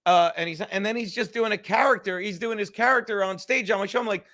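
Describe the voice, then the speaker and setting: A man in his fifties hosting a podcast, talking loudly with heavy swearing and heated storytelling. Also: sits high, fast talker, few pauses. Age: 50s. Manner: loud, profane, heated storytelling. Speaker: podcast host. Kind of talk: casual chat.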